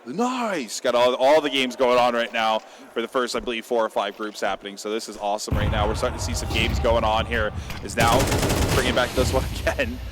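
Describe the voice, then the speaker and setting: A man casting a live esports match, joking around and getting excited on big plays. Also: mid-range voice, a little fast, over music. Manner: jokey, rises to excited calls on big plays. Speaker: esports caster. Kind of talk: live play-by-play commentary. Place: live event venue with crowd.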